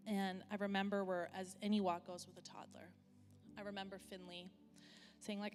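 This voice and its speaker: A woman in her thirties preaches in a church hall, telling a candid story in a conversational way. Her voice rings out with a long hall reverb, and music plays clearly underneath. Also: mid-range voice, flat delivery. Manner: candid, conversational, many fillers, slows for emphasis. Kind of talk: sermon with personal story.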